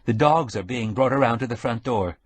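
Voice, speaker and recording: A man's voice: mid-range voice, a little fast, no room sound, close to an everyday voice. A man voicing a nervous young male secretary who pleads anxiously. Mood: pleading.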